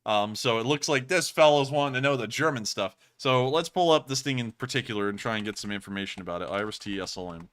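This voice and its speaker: A man hosts a casual livestream, reading and answering viewer donations. His voice is bright and forward, and he talks in an excitable, rambling way, full of fillers and restarts. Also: medium pitch, fast, hardly any pauses.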